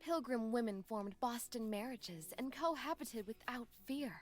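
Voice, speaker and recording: A woman voicing an earnest young woman in a game, gently persuading a friend and reciting scripture. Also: fairly high pitch, unhurried, soft background music, lightly acted. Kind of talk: video game voice acting.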